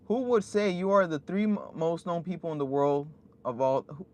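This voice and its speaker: Laid-back man reading live chat. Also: on the high side. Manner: laid-back, reads chat names haltingly. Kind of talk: casual live-stream chat. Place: inside a parked van.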